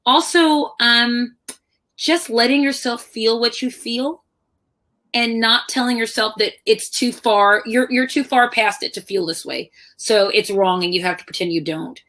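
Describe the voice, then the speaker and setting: A middle-aged woman author telling personal stories in a lively conversational talk, acting out the voices of people she quotes. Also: a little high, unhurried. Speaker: author guest.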